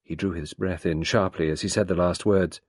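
A man narrating a novel as an audiobook reader, expressive and steady. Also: deep voice, moderate pace, dry recording, clean studio sound.

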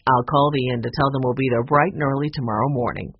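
A storybook reader voicing a kindly, gently teasing older grandfather. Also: medium pitch, fast, close to an everyday voice. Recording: dull lo-fi recording with faint noise.

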